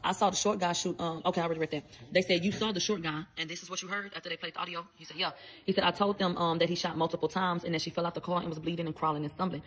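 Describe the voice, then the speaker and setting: A woman's voice: on the low side, low-quality recording. A woman giving a casual commentary vlog, speaking bluntly and with a lot of profanity, talking straight to her viewers. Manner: quick, animated retelling of testimony. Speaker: vlogger giving trial updates.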